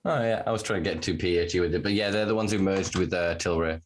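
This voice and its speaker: A man talking as a podcast guest in casual conversation, ranting with lots of swearing and dark laughter. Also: deep voice, fast, slight background noise. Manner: animated, profane ranting; laughs to cope.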